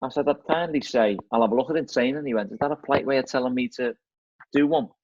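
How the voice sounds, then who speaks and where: As a guest in a relaxed chat, a middle-aged football manager from Liverpool tells stories in a Scouse accent, talking fast and chattily, repeating words and saying "mate" and "you know what I mean" a lot. His mid-range voice is a little mellow, and the audio is dry, lo-fi, and slightly dull.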